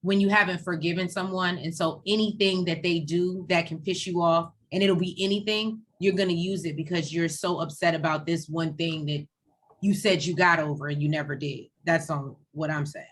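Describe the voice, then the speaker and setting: A woman's voice: on the low side, moderate pace. A woman co-hosting a casual TV recap, retelling scenes in a chatty way and acting out the people in them. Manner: chatty, animated retelling with quoted voices. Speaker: co-host of a TV recap show.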